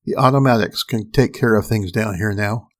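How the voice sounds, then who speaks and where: A man's voice: lowish voice, moderate pace, close to an everyday voice. A man voicing an old, badly injured spaceship engineer who speaks in a strained, dry, pained way.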